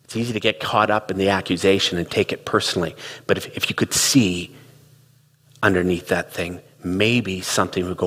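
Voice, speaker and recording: A man's voice: low-pitched, fairly even intonation, brisk, fairly bright tone, breathy edge, long reverb tail. A middle-aged man giving a reflective, conversational talk, telling stories and acting out quoted dialogue. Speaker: speaker on relationships.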